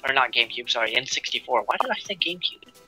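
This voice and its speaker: Frank man with a very bright, sharp voice. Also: medium pitch, animated, fast talker, soft background music, low-quality recording. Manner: hesitant, uses many fillers, frank. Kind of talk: casual chat about gaming.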